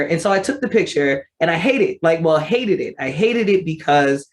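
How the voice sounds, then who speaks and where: A woman in her thirties telling her personal story as an advocate, conversational and animated, acting out her remembered thoughts. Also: low-pitched, normal speed, hardly any pauses. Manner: conversational with frequent fillers. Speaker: vitiligo advocate.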